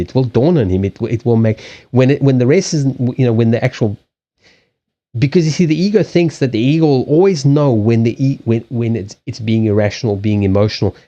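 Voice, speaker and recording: Male stream host, rambling and animated, mellow tone, dull lo-fi sound. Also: medium pitch. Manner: rambling, swearing, laughing, with frequent restarts. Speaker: livestream host and card reader. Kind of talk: casual live-stream chat.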